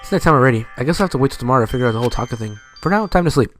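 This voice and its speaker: A man reading a visual novel's dialogue aloud as he plays, then dropping into offhand asides. His voice sits at an ordinary, mid-range pitch. He keeps the delivery loose and conversational rather than polished. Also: animated, rapid-fire, a bit bright, faint music behind. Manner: casual, reacts with swearing and laughs. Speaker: let's play gamer. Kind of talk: reading game dialogue aloud with casual commentary.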